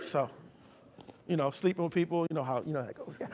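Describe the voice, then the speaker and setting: A man's voice: high-pitched, brisk. A man giving a motivational keynote speech, preacher-like, leading the crowd in call and response. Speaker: keynote speaker.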